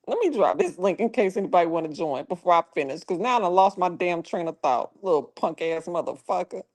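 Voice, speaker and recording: A woman's voice: fairly low pitch, expressive, brisk, darkish tone. A woman hosting a casual livestream who talks profanely and scolds trolls in her chat in a confrontational tone. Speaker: livestream host.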